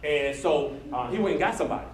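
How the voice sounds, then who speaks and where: A man, a motivational speaker, telling a story in an animated, conversational way to a live audience in a large room. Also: on the high side, quick pace, reverberant, crowd noise, low-quality recording.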